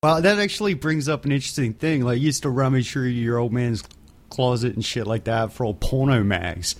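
Profane, animated male storyteller. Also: medium pitch, fairly quick. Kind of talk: casual group chat.

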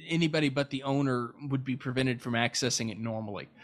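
A man's voice: medium pitch, fast talker. Sarcastic man riffing on news. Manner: sarcastic, stumbling restarts. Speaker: podcast host reading news. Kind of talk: casual news commentary.

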